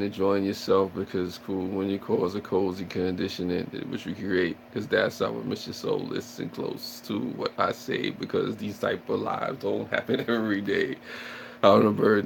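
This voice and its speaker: A man's voice: lowish voice, gravelly, a little hiss or hum. A man chatting and joking with viewers on a casual livestream, rambling and playfully acting out scared shrieks. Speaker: livestream host.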